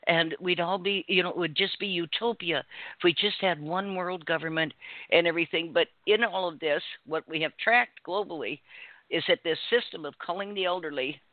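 A woman's voice: lowish voice, moderate pace, no room sound. An older woman, a grandmother, telling a story in an indignant, emphatic way during casual phone talk. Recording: tinny dry phone line.

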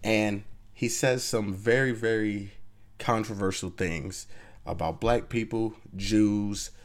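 A man hosting his own podcast, talking loosely and conversationally as he gives his opinions and keeps asking the listener to agree. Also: fairly low pitch. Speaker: podcast host. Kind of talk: casual opinion monologue.

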